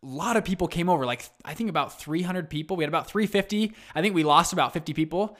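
A young adult man hosting a solo podcast, telling stories in an energetic, chatty way. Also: a little high, fast. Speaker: podcast host. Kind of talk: casual solo podcast talk.

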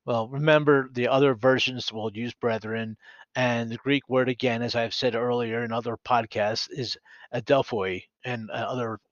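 A man teaching scripture on a podcast, earnest and animated, reading verses aloud and sometimes restarting his sentences with a self-deprecating humor. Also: medium pitch, normal speed, no room sound. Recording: dry, slightly dull recording.

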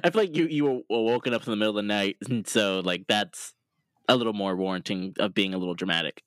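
Laughing low-voiced man bantering. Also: dry recording. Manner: laughs often, quick playful interjections. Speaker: podcast co-host. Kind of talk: casual chat.

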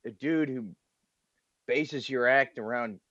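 A man's voice: mid-range voice, slow pace, lo-fi sound, a loud crowd. A man co-hosting a podcast, riffing and joking with plenty of swearing in casual chat. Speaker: podcast co-host.

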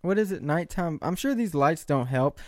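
A man's voice: on the high side, lively intonation, moderate pace, no room sound, studio quality. Rambling, joking man in his late twenties. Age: 20s. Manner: joking, self-mocking, rambling with frequent restarts. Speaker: vlogger. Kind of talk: casual rambling monologue. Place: indoors under bright lights.

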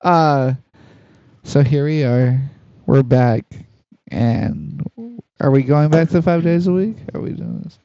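A man's voice: fairly high pitch, slow pace, dark tone, clear, resonant tone, dry recording, dull audio. A man hosting a casual morning podcast, giggly and rambling. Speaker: podcast host. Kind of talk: casual chat.

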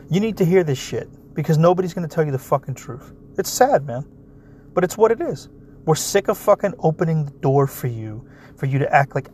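A man with a high-sitting voice serves as solo commentator for a blunt, heavily profane rant, speaking directly and animatedly to listeners. A little hiss or hum runs underneath.

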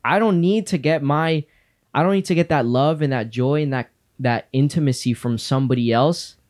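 A man's voice: a little high, normal speed, darkish tone. A male podcast host in casual faith talk, speaking earnestly about God in a preachy way.

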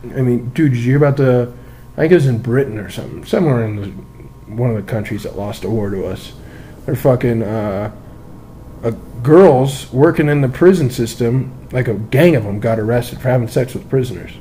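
A man's voice: mid-range voice, a little fast, slight background noise. A man telling crude, profane stories in a casual podcast chat. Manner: crude, profane, animated storyteller. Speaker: podcast co-host.

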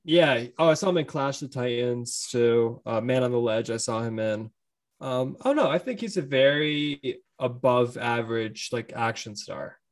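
A man co-hosting a movie podcast with an ordinary mid-pitched voice. He chats in a relaxed, agreeable way and often hesitates before giving his take. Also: moderate pace. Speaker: podcast co-host. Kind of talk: casual movie chat.

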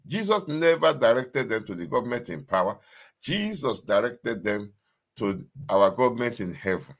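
A man's voice: mid-range voice, very animated, moderate pace. A man, preaching a sermon as a pastor in an emphatic, repetitive style that keeps asking the listeners if they understand. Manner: emphatic, repetitive preaching with call-and-response questions.

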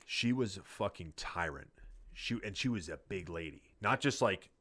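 A man with a somewhat low voice tells a long, rambling story in casual conversation. He swears freely and keeps circling back to his points. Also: moderate pace, husky. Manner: rambling, profane, animated storyteller.

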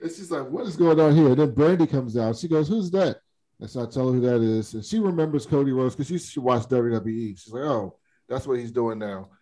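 A man's voice: mid-range voice, brisk, low-quality recording. A man co-hosting a podcast in casual chat, retelling a story and often laughing as he talks. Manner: animated retelling of a conversation. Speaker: podcast co-host.

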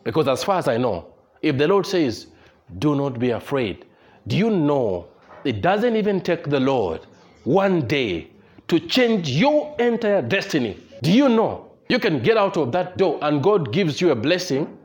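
A man's voice: a little high, very animated, a little slow, darkish tone. A man preaching a sermon as pastor, repeating his points emphatically and leading the congregation in prayer. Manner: emphatic, repetitive exhortation, leads congregation in prayer. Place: church service with congregation.

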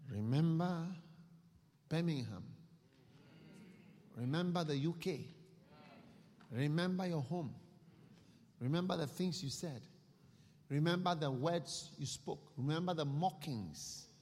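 Man doing stern old patriarch, slow and solemn, husky, echoey. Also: a little high, a little mellow. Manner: solemn, admonishing. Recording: echoey hall.

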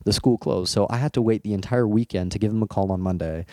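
Young man, low mellow voice, candid storyteller who laughs through it, dry close sound. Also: fast talker, dry recording. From Canada. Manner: candid, laughs often, repeats words when excited. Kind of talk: casual personal storytelling.

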